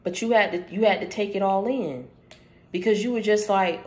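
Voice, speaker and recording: A woman's voice: medium pitch, normal speed, darkish tone. A woman hosting her channel, giving a casual spiritual message in an emphatic, conversational way, repeating phrases for stress and speaking straight to the listener. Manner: conversational, addresses listener directly.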